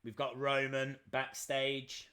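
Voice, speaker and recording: A man's voice: mid-range voice, completely flat delivery, slow pace, pushed and bright, clean tone. A man hosting a live reaction stream, chatting and answering viewer questions as they come in.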